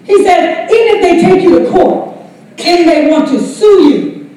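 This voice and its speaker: A woman pastor with a Southern US accent leads a lively Bible study, laughing often and urging the room on with "come on". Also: extremely high pitch, normal speed, distant mic. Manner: exclaims "come on" often, laughs while preaching. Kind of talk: lively sermon-style teaching. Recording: echoey church hall mic from afar.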